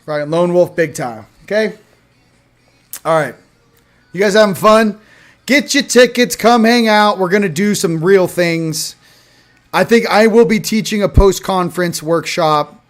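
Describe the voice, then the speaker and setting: A man hosting a casual livestream, chatting loosely, shouting out viewers and showing products. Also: high-pitched, unhurried, soft background music. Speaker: host.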